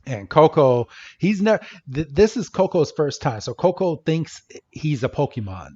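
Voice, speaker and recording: In dull lo-fi podcast audio, a male co-host recaps a scene casually, chatty, laughing often and swearing offhandedly. His voice is on the high side with big pitch swings, mellow and slightly rough, at a normal pace.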